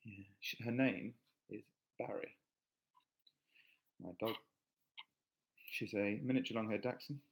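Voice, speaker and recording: A man's voice: on the low side, fairly even intonation, measured pace, gravelly, long pauses, low-quality recording. A man chatting casually on a live stream, reading viewer comments aloud and joking back. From England.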